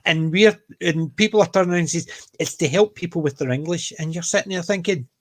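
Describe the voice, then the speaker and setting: A Scottish man chatting on a casual panel, telling stories with emphatic, animated delivery. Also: fairly high pitch, fast talker. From Scotland.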